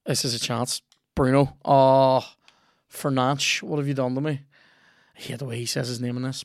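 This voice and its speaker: Sweary gravelly man. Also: medium pitch, level tone, normal speed, dry recording, clean studio sound. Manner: sweary, rambling, reacts aloud to the game. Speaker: podcast host. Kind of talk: casual chat while playing a video game.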